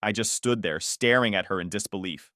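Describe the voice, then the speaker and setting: A man's voice: fairly low pitch, a little fast, sharp tone, no room sound, studio quality. A man narrating a dramatic personal story in the first person, telling it with emotion and heat. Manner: emotional, with angry outbursts in quoted lines.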